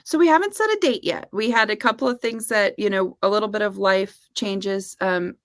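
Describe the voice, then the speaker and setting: A young woman speaks openly and enthusiastically in a casual heart-to-heart, often breaking into laughter. Her voice sits at a middle pitch, recorded dry and close with no room sound. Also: brisk, fairly bright tone, no room sound. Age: young adult. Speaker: interviewer.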